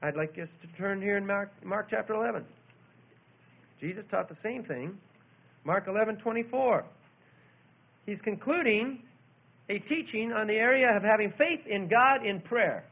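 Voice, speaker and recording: A man preaching a sermon, telling a childhood story and then reading scripture with loud emphasis. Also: high-pitched, normal speed, creaky, pauses often. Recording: tinny phone-like old recording.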